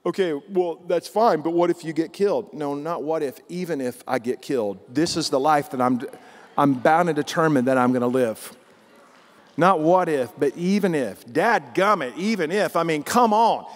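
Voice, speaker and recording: A man's voice: fairly high pitch, normal speed, big-room sound. A man preaching a sermon as pastor, in a folksy, emphatic way full of rhetorical questions.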